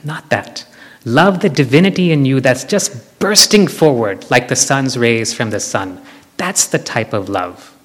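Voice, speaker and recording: A man giving a devotional talk to an audience, animated, leading them in group chants. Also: mid-range voice, unhurried. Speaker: spiritual speaker. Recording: hall with long reverb.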